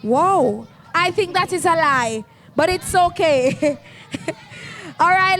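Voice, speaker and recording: A woman hosts a room full of schoolchildren, drawing out her words slowly with a high voice. Her prompts are firm and coaxing, in call-and-response. Faint background noise sits under her voice. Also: lively intonation, a bit bright. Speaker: event host for schoolchildren. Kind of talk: call-and-response crowd management.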